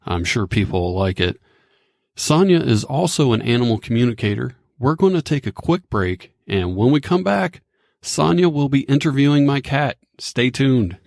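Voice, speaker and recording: A man's voice: medium pitch, lively intonation, normal speed, creaky, a little mellow, no echo, clean studio sound. A man hosting a podcast, asking his guest questions in a joking, upbeat way. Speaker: podcast host. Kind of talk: casual interview.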